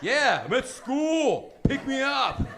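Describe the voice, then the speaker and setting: A man voicing a slow, mumbling teenage son who drags and slurs his words into near nonsense. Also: very high-pitched, very animated, a bit bright, voice pushed up, exaggerated voice. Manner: slurred, dragging, barely intelligible. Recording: comedy club with crowd laughter.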